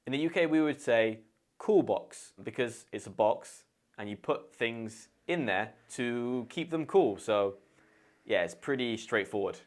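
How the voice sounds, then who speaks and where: A man's voice: medium pitch, expressive, a little slow. A man with a British accent explaining English words in a chatty, playful way as an English teacher.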